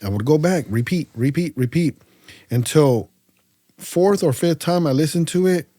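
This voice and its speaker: A man from California's Central Valley, a podcast guest telling stories in a casual way, acting out both sides of his conversations with lively voices and often stumbling over and repeating his words. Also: a little high, moderate pace, no echo. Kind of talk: casual storytelling.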